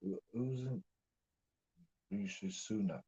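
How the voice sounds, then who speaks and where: A man's voice: on the low side, slow, mellow, slightly rough. A man from England, ranting in a rambling, repetitive way and swearing constantly. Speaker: streamer. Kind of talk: profane ranting monologue. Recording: dull lo-fi recording.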